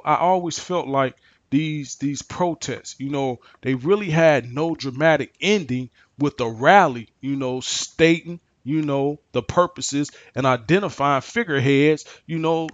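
A man's voice: on the high side, a little slow, no room sound, dull audio. A man giving his opinion in an unscripted monologue, firing off rhetorical questions, often stumbling and restarting his words as he presses his points. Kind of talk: unscripted monologue on current affairs.

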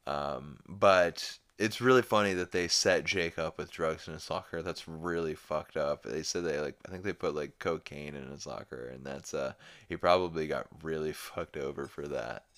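Low-voiced man recapping casually. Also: moderate pace, fairly bright tone, dry recording. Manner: rambling, full of "um" and "like". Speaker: podcast host.

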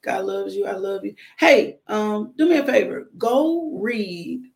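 A woman's voice: medium pitch, animated, measured pace, gravelly, a little mellow. A woman minister giving a devotional sermon, emphatic and repeating her phrases in casual speech.

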